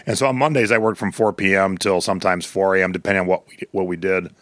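Lower-voiced man telling record store stories. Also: fast talker, no room sound, studio quality. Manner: storytelling, animated quoted voices. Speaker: podcast co-host. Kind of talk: casual chat.

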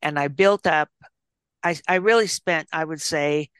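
An older woman, an author and psychologist, speaking as a guest in an interview, reflecting and telling stories with gentle restarts. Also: low voice, unhurried, clean tone, no room sound, studio quality. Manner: thoughtful storyteller with gentle restarts.

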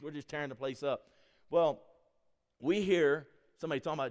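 A middle-aged man preaching a sermon, mixing scripture with animated personal stories that he laughs at. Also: on the high side, fairly quick, pauses often. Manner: animated storytelling, laughs at his own stories. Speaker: pastor. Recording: long hall reverb.

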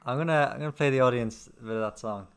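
A man co-hosting a podcast, chatting casually about films and chipping in with short, relaxed remarks. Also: medium pitch, very fast, noisy background. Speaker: podcast co-host.

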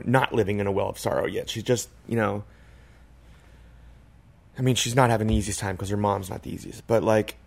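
A man's voice: on the low side, creaky. A man in casual podcast chat, talking in a reflective, rambling way with many "like" and "you know" fillers. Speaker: podcast co-host.

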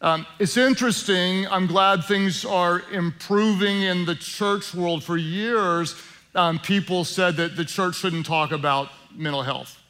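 A male pastor preaching a sermon in a conversational style with joking asides, slowing down for prayer. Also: high voice, sharp tone.

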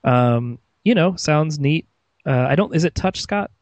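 A man's voice: on the high side, animated, measured pace, dry recording. A man hosting a casual tech podcast, chatty and rambling, with many fillers and restarts. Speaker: podcast host.

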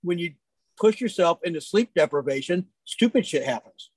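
A man who works as a hunting guide, telling folksy, lively stories in a casual chat. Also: on the high side, moderate pace, breathy edge, no echo. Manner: animated, folksy storyteller. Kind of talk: casual storytelling.

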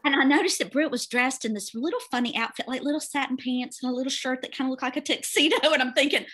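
Animated storyteller woman. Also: sits high, fast talker. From Mississippi, USA. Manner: animated storyteller who acts out quoted dialogue. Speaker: guest. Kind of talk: casual storytelling chat.

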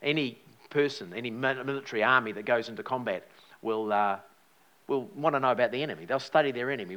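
A man preaching to a church and telling a personal story with lively changes of voice. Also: mid-range voice, quick pace, muffled recording. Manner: animated storytelling, acts out his own past words. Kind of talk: sermon testimony.

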